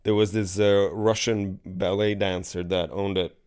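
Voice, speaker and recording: Male comedy podcast co-host with a lowish voice. Casual, rambling storyteller. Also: flat delivery, a little slow, a little mellow, smooth. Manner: rambling anecdotal storytelling with many fillers. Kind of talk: casual chat.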